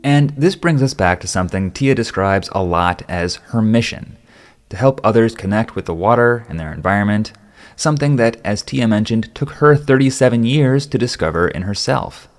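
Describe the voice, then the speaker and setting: A man hosting a podcast, reading narration and offering thoughtful, measured comments to his guest. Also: lowish voice, animated. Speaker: podcast host. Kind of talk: scripted narration and interview comments.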